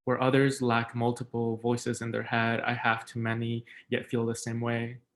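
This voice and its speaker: A young American man performs his spoken word poems in an even, level voice that barely rises or falls. Between pieces he drops into quiet, halting asides full of filler words before he starts the next reading. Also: medium pitch, poor audio. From United States. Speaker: poet.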